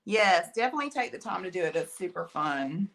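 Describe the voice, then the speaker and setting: Brisk and low-leaning, with big pitch swings and a fairly bright tone, an Alabama-accented art instructor runs a folksy, talkative live painting lesson. She has a slight lingering cough from being sick.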